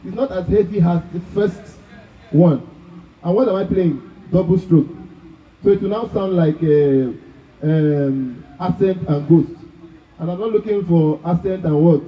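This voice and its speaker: In a big, reverberant festival workshop room, a Nigerian-accented man teaches drum technique, his high voice unhurried and mellow. He keeps asking his students if they're keeping up, and the recording is echoey and distant.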